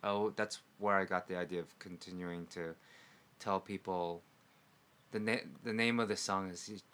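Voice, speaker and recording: A man with a lowish, bright-edged voice talks in a relaxed, animated way. He restarts his sentences and keeps the chat easygoing. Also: moderate pace. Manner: animated, laughing, trailing off mid-sentence. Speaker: musician and comedian. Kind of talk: casual chat.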